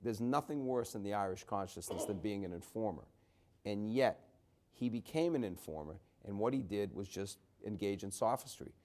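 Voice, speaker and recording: A man's voice: fairly low pitch, expressive, moderate pace, dark tone. A middle-aged man from the Boston area, an author speaking at a book talk in a chatty, storytelling way with many restarts and wry asides. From Boston area, USA. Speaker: author and journalist.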